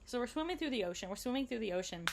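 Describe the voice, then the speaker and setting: A woman casually recounting a day of travel and snorkeling, chatty and animated, quoting people she met. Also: a little high, very fast, a little hiss or hum. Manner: chatty, animated retelling with quoted dialogue and laughs. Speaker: travel vlogger.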